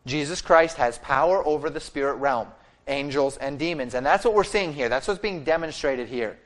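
A man's voice: a little high, moderate pace. A man preaching a sermon that explains a scripture passage line by line and acts out the quoted speech. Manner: expository preaching with fillers and restarts, acting out quoted speech. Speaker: pastor.

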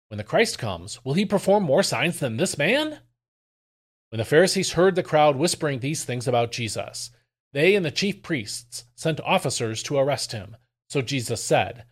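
A man reading scripture aloud for a daily devotional, measured and expressive, shifting his delivery for quoted speech. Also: mid-range voice. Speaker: devotional reader.

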